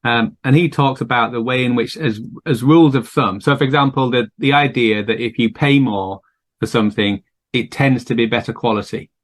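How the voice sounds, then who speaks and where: A man's voice: mid-range voice, moderate pace. A man hosting a podcast, chatting casually in a thoughtful, musing way with frequent fillers. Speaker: podcast host. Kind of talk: casual conversation.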